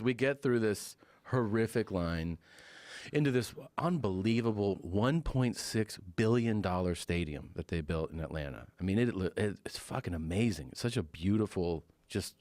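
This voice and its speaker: Deep-voiced man telling a story. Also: moderate pace, dry recording. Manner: animated storyteller, acts out quotes in raised voices. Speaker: podcast guest. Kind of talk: casual storytelling chat.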